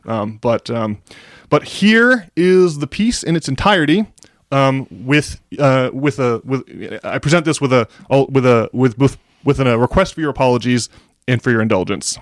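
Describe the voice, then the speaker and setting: A man around forty co-hosting a podcast. He rambles and restarts when chatting, then reads an essay aloud slowly and with emphasis. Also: medium pitch, no room sound, clean studio sound. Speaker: podcast co-host. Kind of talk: casual podcast chat and essay reading aloud.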